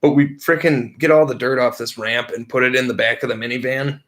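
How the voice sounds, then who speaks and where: A man's voice: medium pitch, fairly quick. Rambling, profane young man storyteller. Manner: rambling, profane, animated retelling with filler "like" and "frickin'"; acts out quoted friends with shifted voices. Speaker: podcast co-host. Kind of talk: casual storytelling.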